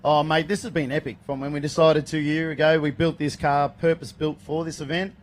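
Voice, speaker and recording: Upbeat Australian off-road racer. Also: male voice, on the high side, level tone, a little fast. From Queensland, Australia. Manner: upbeat and chatty, calls people mate. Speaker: off-road race driver. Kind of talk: casual interview at a race event. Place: outdoor race event.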